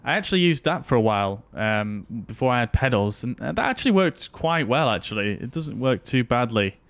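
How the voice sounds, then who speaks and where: A man's voice: mid-range voice, sing-song, a little fast, fairly bright tone, no room sound. A man streaming a flight simulator, chatting casually with his viewers as he flies. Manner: chatty, talks to chat while flying. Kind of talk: casual live-stream commentary.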